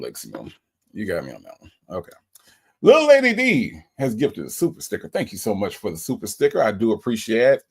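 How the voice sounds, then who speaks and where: A man hosting a casual livestream, reading out viewer comments and greeting each one in a playful way. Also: on the low side. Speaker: livestream host.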